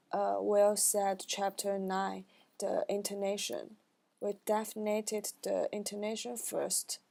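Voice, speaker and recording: Young woman student, class recap, slow, flat, creaky, halting non-native phrasing. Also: medium pitch.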